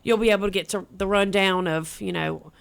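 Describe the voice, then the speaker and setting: A bubbly young woman talks in a chatty, upbeat way as a radio guest. Her voice is smooth and clear, and she tends to circle back and repeat her words. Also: medium pitch, fairly even intonation, a little fast. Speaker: event organizer guest. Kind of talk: casual radio interview.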